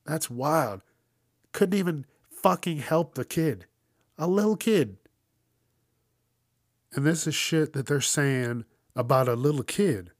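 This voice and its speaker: Dude ranting about the news, cussing nonstop, laughing, dead dry mic. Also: male voice, on the high side, animated, slow, long pauses, no room sound. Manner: profane, ranting, laughs often. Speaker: host. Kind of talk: casual news commentary.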